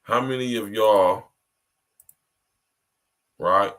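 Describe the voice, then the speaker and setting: This podcast host speaks very slowly in a lowish voice with a fairly bright tone. Streaming live, he delivers a repetitive, rambling, emphatic monologue aimed directly at his audience, again and again asking if they hear him.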